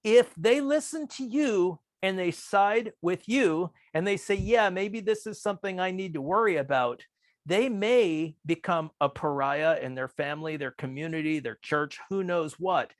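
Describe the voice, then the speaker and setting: A man presents a workshop in a calm, measured voice that sits fairly high for a man. He slips into quoted lines with shifts in pitch. The recording is dry and close, with no room sound. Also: no room sound. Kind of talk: presentation on persuasive communication.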